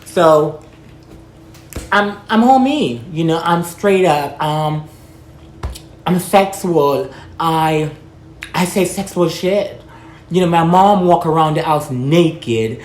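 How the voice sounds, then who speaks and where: A woman's voice: sits low, darkish tone, roomy sound, slight background noise. A woman from Jamaica with a Jamaican accent, talking frankly and rambling to her viewers in a casual vlog. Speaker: vlogger. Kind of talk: casual talk to camera.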